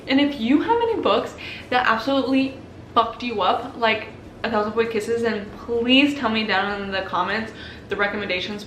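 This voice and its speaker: A young woman chatting gushingly about books on her vlog, quick to laugh and sigh. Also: a little high, fairly bright tone. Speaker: book vlogger. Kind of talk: casual vlog chat. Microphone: compact camera. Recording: echoey room with faint noise.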